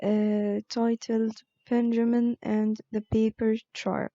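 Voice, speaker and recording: A woman teaching an online vocabulary lesson, explaining words slowly with frequent fillers. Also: on the high side, little pitch movement, dark tone, dry recording, muffled recording. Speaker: English teacher.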